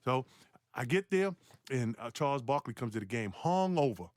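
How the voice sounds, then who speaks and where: A former pro basketball player telling a story in a lively way, acting out quotes and laughing. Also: male voice, moderate pace, no room sound, studio quality. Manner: animated, acts out quotes with big pitch jumps, laughs. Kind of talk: animated storytelling on a podcast clip.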